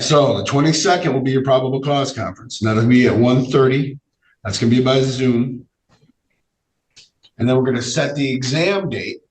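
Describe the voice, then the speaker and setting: A male judge with a voice he says is giving out, speaking in a measured way, often repeating phrases and using fillers during a courtroom hearing. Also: medium pitch. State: losing his voice. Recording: echoey room, distant mic, faint noise.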